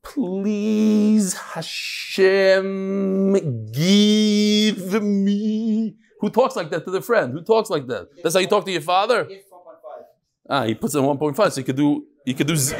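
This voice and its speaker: Male Talmud class host, slightly high voice, animated, thinks aloud and asks the room questions. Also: a little fast. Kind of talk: daily Talmud class before a live audience.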